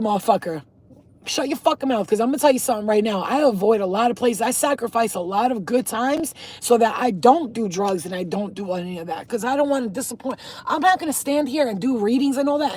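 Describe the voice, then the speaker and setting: A woman vlogger speaks with a husky, slightly rough tone. She talks directly to her viewers as a spiritual healer and reader. Her manner is blunt, emphatic and full of casual swearing. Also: on the high side, darkish tone. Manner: talks straight to the camera, addressing viewers. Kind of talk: casual vlog talk to viewers.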